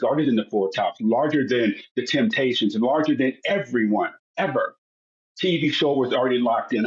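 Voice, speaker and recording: A man's voice: medium pitch, dull audio. A man in his sixties, a podcast guest, telling his family story and acting out the voices of his relatives. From United States. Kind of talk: personal storytelling.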